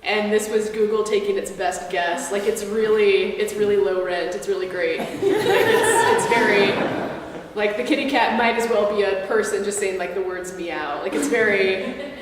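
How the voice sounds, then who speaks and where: A woman's voice: medium pitch, expressive, normal speed, very noisy. Joking woman, far off in an echoey hall. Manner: joking, playful interjections. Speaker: musician performing live. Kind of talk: casual stage banter. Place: live concert venue with audience.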